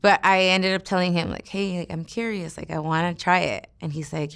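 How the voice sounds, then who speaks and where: Casual, profane young woman interviewee with a clear, slightly low voice. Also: flat delivery, brisk, a bit bright. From Los Angeles area. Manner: casual, profane, heavy use of "like". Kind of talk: candid personal storytelling.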